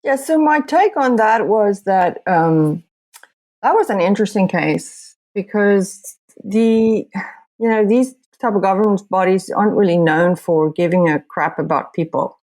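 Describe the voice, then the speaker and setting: A woman's voice: mid-range voice, measured pace, a little mellow. A woman journalist from Africa, answering earnestly with many restarts. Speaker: journalist guest. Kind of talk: podcast interview.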